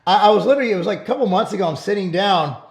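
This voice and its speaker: A brash, middle-aged man hosts his own fitness channel and rambles to camera with plenty of self-promotion and restarts. His voice sits high for a man. The room around him is echoey. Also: lively intonation, racing. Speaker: fitness company owner and channel host. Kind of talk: casual commentary to camera.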